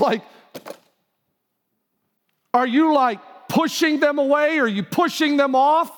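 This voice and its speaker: This pastor's voice is very high-pitched and a little slow. Preaching conversationally in a church auditorium, he acts out quoted voices, and the live hall gives a long reverb.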